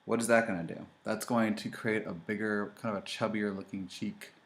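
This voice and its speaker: A man hosting a casual makeup tutorial, chatty and animated, talking straight to his viewers as he demonstrates. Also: fairly low pitch, moderate pace.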